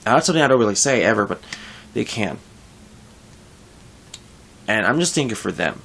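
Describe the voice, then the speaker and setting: Man, young adult, low voice, gravelly fry, casual vlog rant, frustrated, rambling. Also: sing-song, normal speed, a bit bright. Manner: frustrated, rambling, with frequent restarts. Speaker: vlogger.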